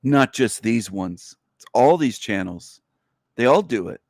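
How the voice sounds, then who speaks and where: A man hosting a livestream, delivering an angry, profane, repetitive rant whose pitch climbs sharply as he gets worked up. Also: animated, a little slow, a little mellow, dry recording, studio quality. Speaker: livestream host. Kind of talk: ranting livestream monologue.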